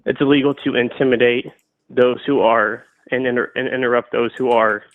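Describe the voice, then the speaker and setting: A man in his late twenties calls in over a thin, phone-like line that sounds dry and close. He speaks at a middling pitch, argues steadily and pauses on "uh" now and then. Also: dry recording. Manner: steady, argumentative, some hesitant fillers. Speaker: caller. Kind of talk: phone-in debate.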